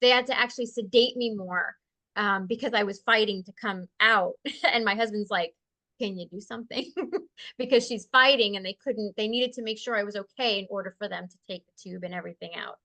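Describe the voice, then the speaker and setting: A woman telling a personal spiritual story in a casual, animated way. She laughs often, then slows and softens when she speaks of calm. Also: mid-range voice. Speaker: guest sharing a spiritual experience.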